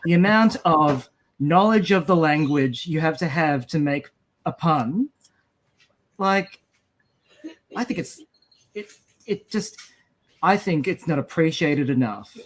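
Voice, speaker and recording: Slow-talking Australian man drawing live. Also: on the high side, animated. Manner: slow, mumbling, trailing off while drawing. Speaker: comic artist drawing live on stream. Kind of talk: casual livestream chat while drawing.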